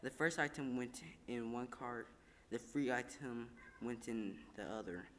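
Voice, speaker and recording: A man narrates a heartfelt story at an even, measured pace, now and then stumbling over a word. His voice rings with a long room echo over faint background noise. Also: medium pitch. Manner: calm, measured storytelling with small slips. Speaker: reader. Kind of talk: scripted narration of a first-person story.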